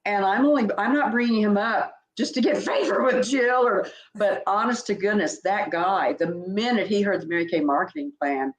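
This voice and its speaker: An older woman talks back over a long career, heartfelt and meandering, often stopping to restart a sentence. Her voice sits at a middle pitch. The room around her rings with echo. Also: normal speed, few pauses. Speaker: senior sales director. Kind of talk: reminiscing conversation. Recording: echoey room.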